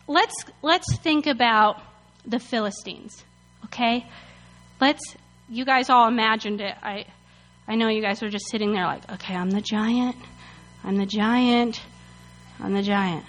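A woman leading a casual Bible study, chatty and animated, full of "like" and "you know" as she retells the story. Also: on the high side, big-room sound.

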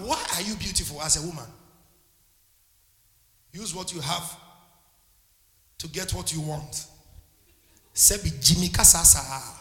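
A man's voice: fairly high pitch, measured pace, pauses often, pushed and bright, roomy sound, big-room sound. A man preaching a sermon as a pastor, impassioned and calling out to his congregation.

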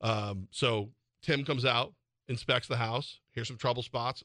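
A man in his forties co-hosting sports talk radio, his voice bright and forceful, dry and close to the studio mic. He spins animated, teasing stories in loose, chatty banter. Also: mid-range voice, moderate pace, no room sound. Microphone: studio microphone.

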